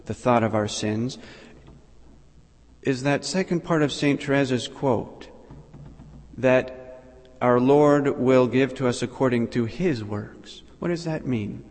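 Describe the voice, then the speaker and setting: A man preaches a sermon at a measured pace and pauses often between short phrases. His voice sits in an ordinary middle pitch. Long reverb rings after his words, as in a church. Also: a little mellow. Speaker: priest. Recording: long reverb in a large hall.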